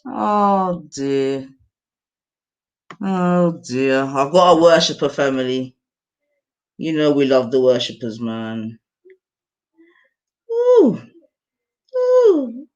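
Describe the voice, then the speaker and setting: A woman streamer chatting casually over music, slangy and animated, full of "yeah, man" fillers. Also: very deep voice, slow, long pauses, muffled recording. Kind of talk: casual chat.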